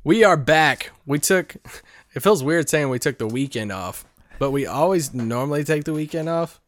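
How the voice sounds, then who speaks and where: A man co-hosting a sports podcast, telling a story in a lively, laughing way. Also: fairly high pitch, moderate pace, no echo. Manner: animated storyteller, laughs often. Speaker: podcast co-host. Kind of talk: casual podcast chat.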